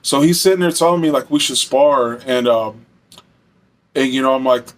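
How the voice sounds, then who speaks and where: A man's voice: medium pitch, fairly even intonation, moderate pace. A young man telling a personal story in a casual, rambling way, full of fillers and swearing. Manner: rambling, heavy fillers, profane.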